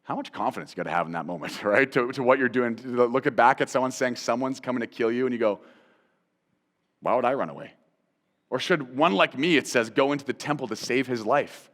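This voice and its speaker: A man hosting a Christian teaching show, talking in an animated, conversational way, repeating phrases for emphasis and putting direct questions to the listener. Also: medium pitch, fast talker, hardly any pauses, long reverb tail. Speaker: host and Bible teacher.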